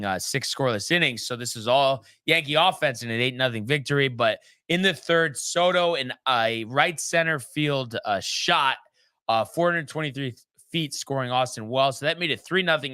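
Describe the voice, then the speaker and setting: A man talking through a sports recap in a casual, rambling way, full of ums and small restarts. His voice is bright and crisp, and it sounds close and dry with no room echo. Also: medium pitch. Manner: loose and chatty, many ums and restarts. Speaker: sports show host.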